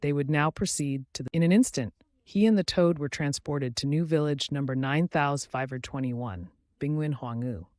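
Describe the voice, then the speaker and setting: A man's voice: fairly high pitch, moderate pace, few pauses, a little mellow, no echo, studio quality. A man narrating a comic story recap in a scripted storytelling style.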